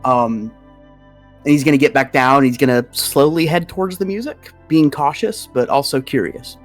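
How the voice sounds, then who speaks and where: A man's voice: on the high side, fairly quick, faint music behind. A man playing in a tabletop game, easygoing as he describes his character's actions. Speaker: player. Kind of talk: casual tabletop play.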